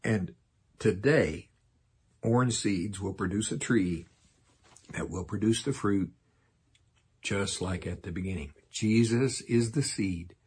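An older man delivers a folksy sermon, laughing often and slowing down to repeat lines solemnly. His voice is low, darkish, and slightly rough.

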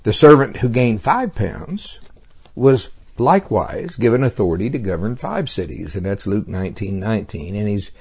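A man's voice: fairly low pitch, very animated, moderate pace, a little mellow, slightly rough. A middle-aged man preaching a sermon in a folksy way, chuckling and acting out little scenes. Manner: folksy, laughing, acts out scenes.

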